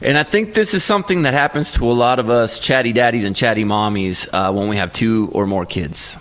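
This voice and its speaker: A man in his thirties co-hosting a casual podcast chat, telling stories with lively energy and acting out his kids' voices. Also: mid-range voice, a little fast. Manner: animated storyteller, acts out his kids' voices. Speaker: podcast co-host.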